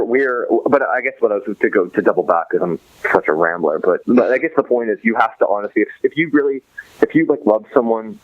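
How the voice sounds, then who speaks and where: A man in his thirties, a podcast guest in casual interview chat, rambling with many fillers and restarts and swinging between excited and somber. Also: lowish voice, dry recording. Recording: dull lo-fi dry recording.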